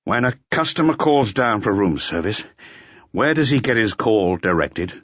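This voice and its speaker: A man reading an audiobook, voicing a weary middle-aged male police inspector who talks calmly and quietly. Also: on the low side, moderate pace, dry recording. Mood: businesslike. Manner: calm, quiet, resigned. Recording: dull lo-fi audio.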